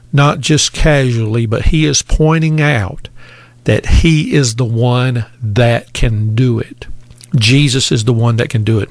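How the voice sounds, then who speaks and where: Male preacher, gravelly and unhurried, dry recording, deliberate repetitive delivery. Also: medium pitch, dry recording. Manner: slow, deliberate preaching with repeated phrases. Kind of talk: sermon.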